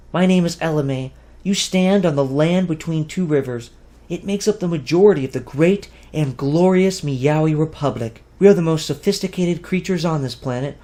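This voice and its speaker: A man's voice: fairly high pitch, dark tone, voice pushed up, lightly acted. A man reading an audiobook, voicing a vain, haughty female talking cat with a prim, demanding manner. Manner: self-satisfied, demanding, prim.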